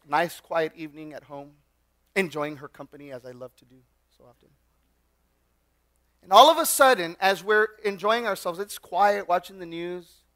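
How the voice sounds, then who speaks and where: A male pastor giving a sermon in a church, telling personal stories in an animated way and often restarting his sentences. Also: fairly high pitch, no echo. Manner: animated storyteller with frequent restarts. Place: church sanctuary.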